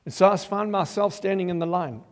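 An older man giving a testimony sermon as an animated storyteller who acts out quotes and breaks into loud emphasis. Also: sits high, brisk. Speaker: preacher giving his testimony. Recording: long reverb of a large hall.

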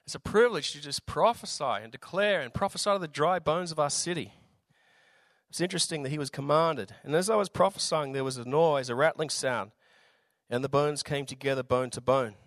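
A man with an Australian accent and a slightly raspy voice, preaching a sermon in a relaxed, jokey way with lots of fillers. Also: on the high side, fairly quick, no echo. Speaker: visiting preacher.

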